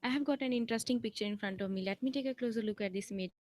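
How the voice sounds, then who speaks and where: A woman's voice: a little high, racing, a little mellow, no room sound. A woman student giving a rehearsed, timed practice answer, listing items steadily. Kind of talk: timed exam practice response.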